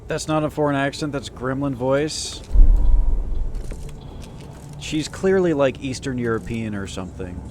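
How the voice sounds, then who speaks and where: Joking, animated male streamer. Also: mid-range voice, a little slow, pauses often, background noise. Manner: jokey, animated, sarcastic. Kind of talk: casual gaming livestream commentary.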